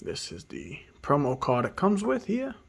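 A man casually commenting while he opens trading card packs, excitable and often muttering card names half under his breath. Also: a little high, measured pace, gravelly, breathy edge. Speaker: card opening channel host. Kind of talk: casual pack opening commentary.

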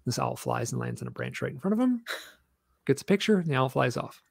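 A man, a guest author, telling stories in an animated, rambling way with many restarts. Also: medium pitch, quick pace, vocal fry, slightly rough, no echo. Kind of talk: storytelling interview chat.

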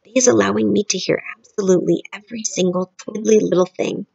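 A big friendly male giant who talks in jumbled grammar and invented words, earnest and full of wonder, as a woman reads him aloud. The voice has a gravelly edge. The recording sounds dull and lo-fi. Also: mid-range voice, steady tone, fast, dark tone.

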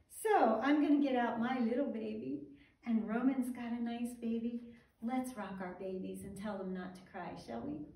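A woman teaching a Sabbath school class for toddlers, talking in a gentle, sing-song way as she tells a story and coaxes the children. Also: on the high side. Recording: roomy echo, mic at a distance, faint music.

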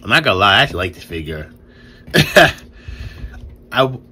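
Young guy doing a toy review on his phone, kinda low voice but bright and punchy, stumbles a lot, faint hiss. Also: a little fast. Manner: excitable, stumbling over words, laughing often. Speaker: toy reviewer and channel host. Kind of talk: casual toy review vlog. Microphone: new phone camera.

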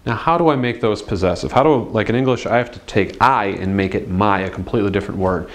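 A man teaching a beginner language lesson in an upbeat way, drilling words slowly and repeating each one. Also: fairly low pitch. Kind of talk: classroom-style language lesson.

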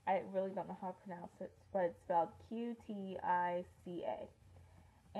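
A woman's voice: mid-range voice, mellow, highs cut off. A teenage girl chatting through a casual beauty favorites vlog, rambling with lots of ums and likes. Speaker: beauty vlogger.

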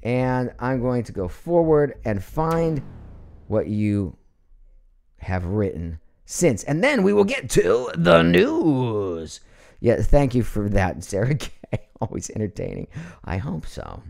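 Middle-aged male stream host, lively pitch, chatty, laughs a lot, reads comments. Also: slow pace, gravelly. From Ohio, USA. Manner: chatty and animated, laughs often, reads viewer comments aloud. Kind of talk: casual live stream chat. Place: home.

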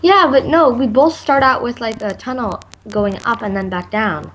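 Young woman co-player, fairly high voice, unsure and halting, noisy home mic. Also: fairly bright tone. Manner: hesitant, trailing off mid-sentence. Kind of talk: casual gaming chat.

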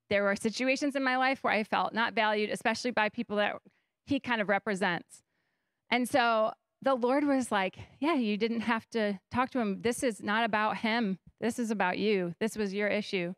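On a church stage, a young woman guest pastor shares a conversational sermon, animating her stories and acting out her inner thoughts. Her voice is mid-range and a bit bright, clear and resonant. The recording is dry and of studio quality.

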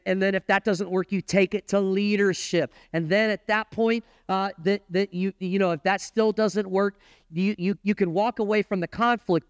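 High-voiced man preaching a fervent sermon. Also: dry recording, studio quality. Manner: impassioned preaching with big emphatic pitch swings; conversational asides to the congregation. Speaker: pastor.

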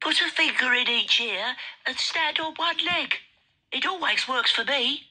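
A woman doing a chirpy breathy puppet friend. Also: high-pitched, a little slow, bright, forceful tone, faint music behind, full character voice. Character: helpful puppet friend offering a hiccup cure. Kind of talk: amateur puppet show.

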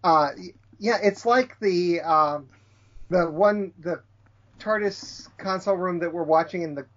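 A podcast co-host talking in a hesitant, halting casual chat. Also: mid-range voice, a bit bright. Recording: dull lo-fi audio.

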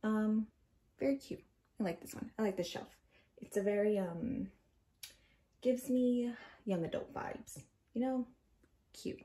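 A young woman in her twenties talks casually and rambles, dropping fillers as she goes. Her voice is mellow and soft rather than bright. She sounds a little out of breath. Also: medium pitch, unhurried, long pauses. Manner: chatty, rambling, many fillers. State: slightly out of breath. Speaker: book vlogger. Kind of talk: casual bookshelf tour.

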